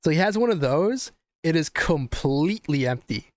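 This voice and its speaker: A man's voice: fairly high pitch, normal speed, no echo, studio quality. A young man hosting a podcast, telling a story in a casual, profane, rambling way. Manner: profane, animated, rambling with restarts. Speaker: podcast host.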